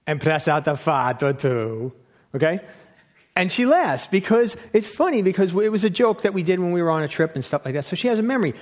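Casual, chatty male preacher. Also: fairly high pitch. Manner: conversational, frequent "okay?" check-ins, repeats himself for emphasis. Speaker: pastor. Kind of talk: sermon.

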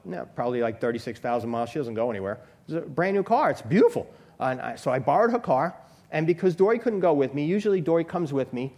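A man giving an informal sermon, telling personal stories in a conversational way. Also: a little mellow. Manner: conversational storytelling, rising pitch when stressing a point. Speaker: lay preacher.

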